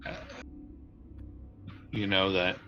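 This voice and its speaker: A man's voice: low-pitched, little pitch movement, extremely slow, music in the background. A man playing a tabletop game in character, stammering and pleading hesitantly. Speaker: player. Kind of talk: in-character roleplay. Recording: dull lo-fi sound.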